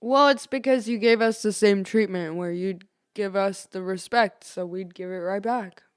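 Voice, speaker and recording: A woman's voice: mid-range voice, smooth. Teasing young woman guest on a podcast. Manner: teasing, quick back-and-forth banter. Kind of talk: casual chat.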